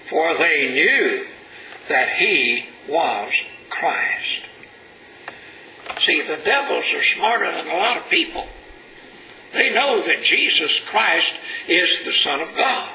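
A male preacher delivers a sermon at an unhurried, deliberate pace. His voice is high and strikingly bright, and he leans hard on the scripture he reads aloud. The church room rings with echo, and a faint hiss sits underneath. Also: big pitch swings. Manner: slow, emphatic preaching, reading scripture aloud in a rising voice.

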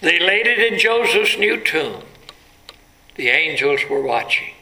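Man, preacher, dramatic sermon storytelling, high-ish voice, gravelly, echoey room. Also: sing-song, a little slow, sharp tone. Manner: dramatic storytelling, rising to emphatic peaks.

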